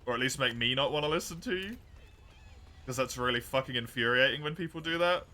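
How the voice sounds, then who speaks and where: A man's voice: mid-range voice, fast talker, bright, forceful tone. A man streaming a game live, chatting with his viewers in a blunt, sarcastic way and swearing freely. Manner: blunt, swearing, sarcastic mock-formal asides. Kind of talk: casual live-stream chat while gaming.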